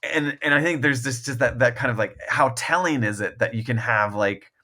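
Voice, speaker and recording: A man's voice: mid-range voice, normal speed, bright, forceful tone. A man speaking as a guest author in a casual podcast conversation, rambling and self-deprecating, full of restarts and laughing often. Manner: laughs often mid-thought.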